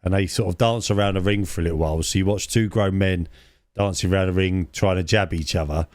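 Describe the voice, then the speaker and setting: Rambling low-voiced man. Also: fairly even intonation, fast, darkish tone, dry recording. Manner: rambling, repeats words, tag questions. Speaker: podcast co-host. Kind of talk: casual chat.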